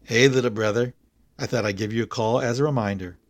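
A man's voice: mid-range voice, fairly even intonation, fast talker, no echo, lightly acted. A man reading aloud the lines of a bossy older sister who scolds her brother. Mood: teasing. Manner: insistent, clipped, talks over others. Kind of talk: read-aloud story dialogue.

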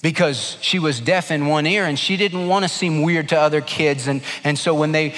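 A male pastor preaching a sermon, animated and emphatic, dropping to a hush for quieter passages. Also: a little high. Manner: animated preaching, swinging between emphatic and hushed. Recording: long hall reverb.

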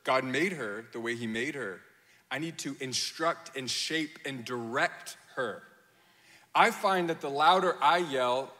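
A man in his thirties preaching a sermon, telling a family story with animated acted-out quotes and self-mocking laughter. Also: mid-range voice. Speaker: pastor. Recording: long hall reverb.

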